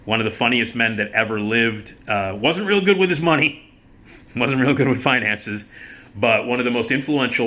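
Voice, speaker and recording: A middle-aged man hosting a casual chat, rambling and enthusiastic, swearing freely and filling pauses with lots of ums and uhs. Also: fairly low pitch, pushed and bright. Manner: rambling, enthusiastic, profane, many fillers. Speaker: host.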